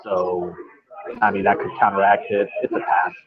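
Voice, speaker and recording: Male co-host, lowish voice, relaxed betting chat, TV noise behind, lo-fi. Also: normal speed, crowd noise. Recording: dull lo-fi audio, TV on behind. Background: a baseball game on TV.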